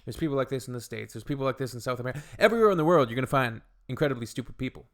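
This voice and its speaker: A man's voice: medium pitch, racing. A man from Canada hosting a reaction video, making wry, joking asides. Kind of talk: casual reaction commentary.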